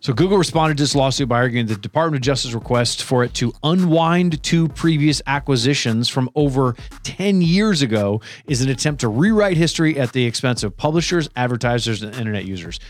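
A man's voice: mid-range voice, lively intonation, brisk, few pauses. A young man co-hosting a casual podcast, reading news items aloud and joking about them. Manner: reads news items aloud then jokes. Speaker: podcast co-host. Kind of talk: casual chat.

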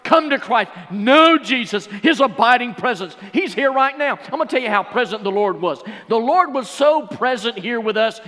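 Pastor guy preaching, high bright voice, loud then quiet, big church echo. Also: expressive, normal speed, few pauses. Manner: swings from shouted preaching to hushed, intimate delivery. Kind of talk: sermon. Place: church sanctuary. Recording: long church reverb.

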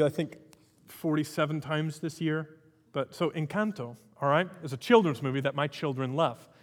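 A man's voice: fairly high pitch, big-room sound. A man preaching a sermon as pastor, emphatic, repeating phrases for emphasis.

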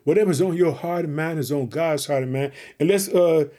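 A man's voice: on the high side, a little fast, dark tone. A man from Chicago preaching fervently on his podcast, calling out to his listeners again and again. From Chicago, Illinois. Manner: fervent, repetitive call-outs to listeners. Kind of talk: sermon.

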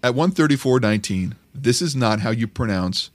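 Deadpan wry male podcast host. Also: medium pitch, normal speed, no room sound. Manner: dry, wry, deadpan timestamp intros. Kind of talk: comedic commentary on clips.

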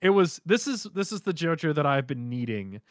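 A man co-hosting a casual chat, animated and laughing often as he acts out characters' lines. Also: fairly high pitch, brisk, dry recording, clean studio sound. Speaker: podcast co-host reacting to an anime episode.

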